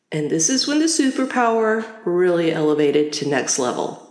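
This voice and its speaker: A middle-aged woman hosting a personal storytelling podcast, talking in a conversational, reflective way that turns animated as she retells. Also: fairly low pitch, normal speed, hardly any pauses. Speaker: podcast host. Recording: roomy echo.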